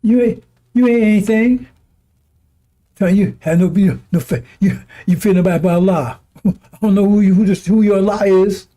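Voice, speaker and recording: A man's voice: sits high, normal speed, warm tone. A man preaching a fiery religious broadcast sermon, scornful and mocking, often laughing and repeating his phrases.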